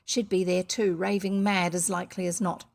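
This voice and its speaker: A woman's voice: on the low side, level tone, normal speed, creaky. A woman voicing a sulky, grumbling boy. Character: sulky young schoolboy.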